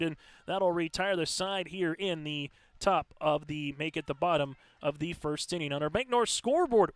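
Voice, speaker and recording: A man calling live high school softball play-by-play in a steady, conversational way, filling pauses with stats and lineup notes. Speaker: play-by-play announcer. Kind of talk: live sports commentary.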